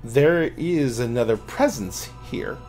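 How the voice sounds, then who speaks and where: A man voicing a calm spirit that shares a mind with another, speaking slowly and quietly over soft music. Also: mid-range voice. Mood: grave.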